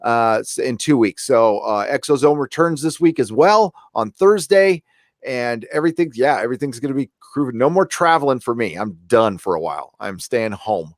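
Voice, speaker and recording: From a room at home, a man hosts a casual live stream, speaking bluntly and rallying his viewers. His mid-range voice has lively intonation and a moderate pace, and the recording is dry with studio quality.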